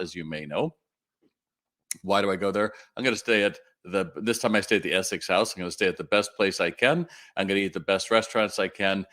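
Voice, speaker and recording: Hosting a retail question-and-answer livestream, this middle-aged man speaks in a low-sitting voice with a fairly bright tone. He keeps it casual and lively, often restarting and filling gaps with filler words.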